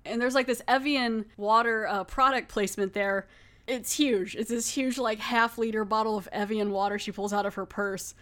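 A woman's voice: fairly high pitch, steady tone, normal speed, fairly bright tone. Chatty woman recapping an episode. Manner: chatty, laughing, many fillers. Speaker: podcast host.

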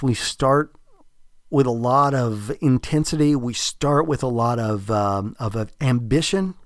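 With a Southern US accent, this man from the American South hosts a casual spiritual podcast, talking in a rambling, reflective way with many fillers and restarts. His voice is medium pitched, in clean studio sound without any room sound.

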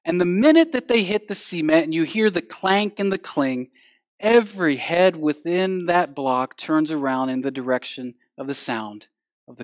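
A man's voice: fairly high pitch, no echo, studio quality. A man preaching a sermon as pastor, voice rising and falling sharply, acting out the voices in his stories. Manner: acts out quoted voices in stories.

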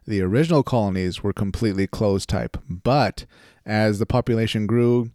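A man co-hosting a podcast in casual chat, animated and laughing often, his voice jumping up when he gets excited. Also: fairly low pitch, normal speed, no echo, studio quality. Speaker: podcast co-host.

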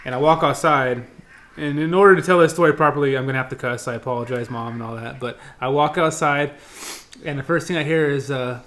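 A man's voice: mid-range voice, fairly even intonation, fairly quick, a bit bright. A man co-hosting a casual chat, telling stories in a laid-back way and saying "yeah" often. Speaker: co-host, golf course worker.

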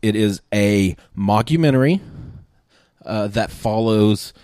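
Brief: male podcast co-host, lowish voice, rambling and hesitant, dry studio sound. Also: takes it slowly, mellow, smooth, dry recording. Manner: rambling, hesitant with many fillers. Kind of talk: casual chat reviewing TV and film.

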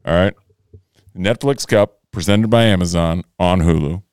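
A man's voice: low voice, a little slow, a little mellow, smooth, no room sound, studio quality. A man co-hosting a podcast in casual chat, loose and profane, joking around. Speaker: podcast co-host.

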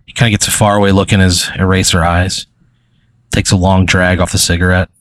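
A man's voice: low voice, flat delivery, a little fast, a bit bright. A man narrating a tabletop role-play as game master, in a rambling style full of fillers.

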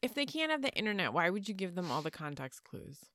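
A woman, co-hosting a podcast, chiming in with quick quips and questions in casual chat. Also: mid-range voice, big pitch swings, pushed and bright, dry recording, studio quality. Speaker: podcast co-host.

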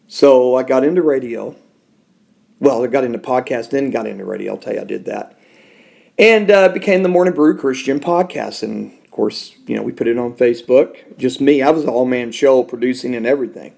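Speaking briskly with vocal fry, a Christian podcast host recounts an emotional personal testimony in a studio. He alternates between loud, high passages and soft, hushed ones.

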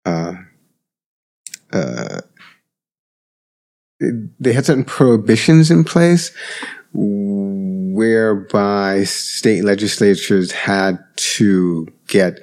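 Deep voiced guy talking slowly, halting, lots of uh and um, casual podcast chat. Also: a little mellow. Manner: hesitant, lots of fillers and restarts. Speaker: podcast host. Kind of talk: casual political reflection.

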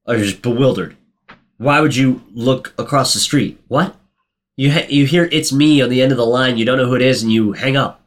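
A man casually recapping a film in chat, telling it with energy, swearing and briefly acting out characters in a higher voice, his throat a little sore. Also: a little fast. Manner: animated storyteller, swears, acts out quotes in a high voice. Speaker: podcast co-host recapping a film.

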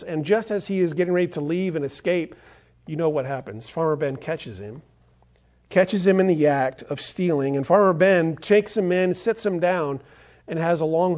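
A man's voice: fairly high pitch, a little mellow. A male pastor preaching a sermon in an earnest storytelling manner, streamed online.

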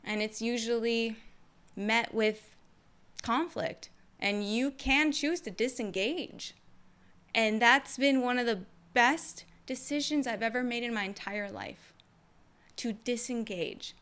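A young woman who works as a therapist, hosting a podcast in a candid, expressive, slangy way. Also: a little high, slow, smooth. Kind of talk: casual podcast monologue.

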